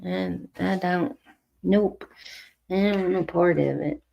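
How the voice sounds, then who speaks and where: A middle-aged woman chats candidly with her livestream audience, using a fairly low, warm voice with vocal fry. She curses freely and often trips into restarting her sentences.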